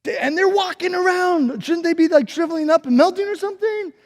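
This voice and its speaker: A man's voice: very high-pitched, big pitch swings, slow pace, darkish tone, pitched above the performer's own voice, heavily acted. A man voicing a vain, angry king who bellows orders and boasts about himself. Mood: bellowing. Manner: bellowing, bossy, pompous. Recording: echoey hall.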